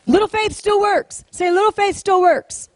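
A woman's voice: extremely high pitch, normal speed, dry recording, rough recording. A woman preaching a sermon to a congregation, emphatic and repetitive, calling out to the room and getting them to repeat lines. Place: church service, in front of a congregation.

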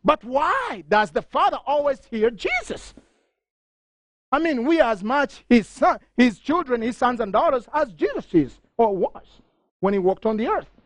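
A middle-aged man preaching a fervent sermon, reading scripture aloud and rising to near shouting. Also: very high voice, big pitch swings, measured pace, dry recording, studio quality. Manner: reads scripture passages aloud.

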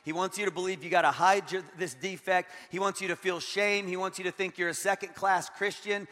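High-voiced middle-aged preacher in a hall. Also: male voice, brisk. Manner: energetic and joking, switching to earnest. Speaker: guest pastor. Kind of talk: sermon. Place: large church hall. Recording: long hall reverb.

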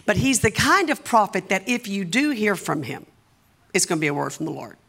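A woman's voice: mid-range voice, animated, fairly quick, creaky, slightly rough. Southern lady preacher, fired up sermon, keeps hollering come on at the church. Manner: impassioned, building to shouts, urging the crowd. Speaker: guest preacher. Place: church sanctuary.

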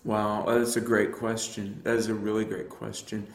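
On a radio interview, an evangelist and apologist guest recounts his own faith journey, earnest and reflective and often using fillers. His voice sits on the low side with a level tone, he talks at normal speed, and the recording sounds roomy.

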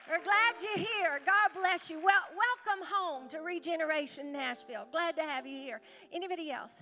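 A woman's voice: very high voice, moderate pace, hardly any pauses, faint music behind. A woman pastor, chatty and calling out to the congregation as she welcomes visitors at a church service. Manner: chatty, warm-hearted, calls out to the crowd.

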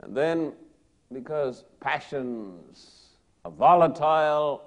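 A man preaches a sermon, dramatically retelling a Bible story, dropping to a hush before rising loud again. His voice is a little high and his pace slow.

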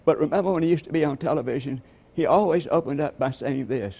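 A man's voice: a little high, quick pace, gravelly, warm tone. A man preaching a sermon as pastor, telling stories and asking the congregation rhetorical questions.

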